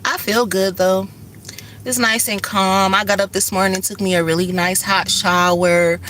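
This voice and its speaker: Middle-aged woman, rambling casual vlog talk, speeds up and swears freely, bright, forceful tone. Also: mid-range voice, flat delivery, slight background noise. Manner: fast-talking, profane, rambling. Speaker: vlogger and rideshare driver. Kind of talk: casual chat to camera.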